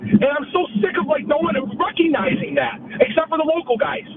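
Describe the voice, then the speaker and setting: A man in his thirties calling in to a radio show, ranting in an excited, emotional, rapid-fire way. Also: extremely high pitch. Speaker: caller. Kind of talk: impassioned call-in rant. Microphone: phone. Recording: tinny phone line with faint hiss.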